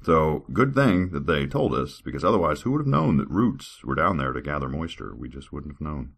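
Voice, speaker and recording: Male podcast host, sarcastic, deep voice, husky texture. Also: big pitch swings, a little fast. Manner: sarcastic, stumbling over archaic words, laughing. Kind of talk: sarcastic scripture reading and commentary.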